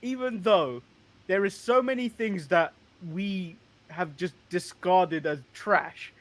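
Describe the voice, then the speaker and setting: A man's voice: high voice, takes it slowly, dry recording. A man with an English accent co-hosting a casual wrestling recap chat, chatty and giggly, tripping over his words. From England. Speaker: co-host.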